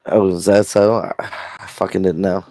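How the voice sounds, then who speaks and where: A man's voice: sits low, flat delivery, normal speed, crowd noise. A man co-hosting a crude comedy podcast, talking bluntly and profanely in a laid-back way. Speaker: podcast co-host. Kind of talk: crude casual banter.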